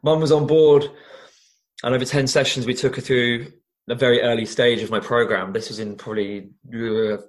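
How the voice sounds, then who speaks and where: A man's voice: medium pitch, normal speed. Earnest young man telling stories. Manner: earnest, animated storyteller with frequent restarts. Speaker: guest, former teacher and youth coach. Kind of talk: conversational interview storytelling.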